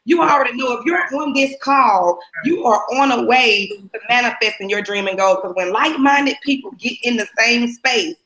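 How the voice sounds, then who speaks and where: A woman speaking as a panel guest on a webinar, excited and motivational. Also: a little high, moderate pace, few pauses, roomy sound, low-quality recording. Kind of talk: testimonial on a webinar call.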